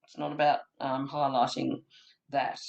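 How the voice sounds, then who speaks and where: A woman presenting a childcare training webinar in an animated, theatrical, chatty way. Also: very deep voice, unhurried, creaky, lo-fi sound.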